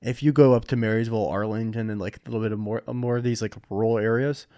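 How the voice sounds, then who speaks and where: A man's voice: fairly low pitch, steady tone, quick pace, mellow. Profane joking man in a podcast chat.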